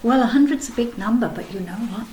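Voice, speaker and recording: A woman teaching a kindergarten video lesson, explaining patiently in a gentle, sing-song way. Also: fairly high pitch, fast talker, a little hiss or hum. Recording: echoey room, faint background ambience.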